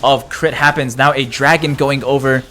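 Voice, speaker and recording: Excitable male esports caster. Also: mid-range voice, moderate pace, slight background noise. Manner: excitable, rising sharply in big plays. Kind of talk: live esports commentary.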